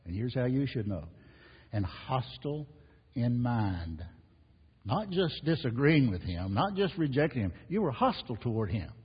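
Husky preacher. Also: male voice, medium pitch. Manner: emphatic preaching, rising and falling with repetition. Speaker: pastor. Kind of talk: sermon. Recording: muffled, reverberant hall recording.

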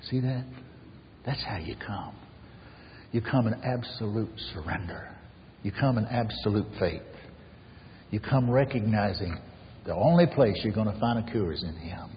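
A male pastor preaching a sermon with emphatic repetition, swinging from loud declarations to hushed lines. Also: lowish voice, lively intonation, normal speed, in a large hall, highs cut off, a little hiss or hum. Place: church sanctuary.

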